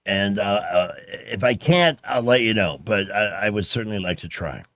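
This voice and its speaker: Male radio host, easygoing, friendly, slightly low voice, dry close mic. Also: animated, moderate pace, fairly bright tone, no room sound. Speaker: radio talk show host. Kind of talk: call-in radio chat.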